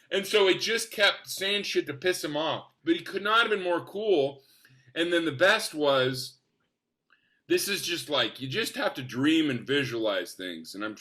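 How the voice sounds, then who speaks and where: Guest man, forties, bright and punchy, high-ish voice, enthusiastic storyteller on a casual podcast. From Spokane, US. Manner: enthusiastic, animated, acts out quotes. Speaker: actor guest.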